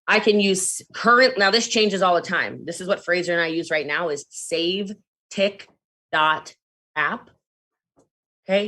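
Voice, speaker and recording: A woman giving an energetic network marketing training talk, animated and quick to jump between demonstrations and asides. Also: fairly low pitch. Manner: fast, animated, jumps between demos and asides.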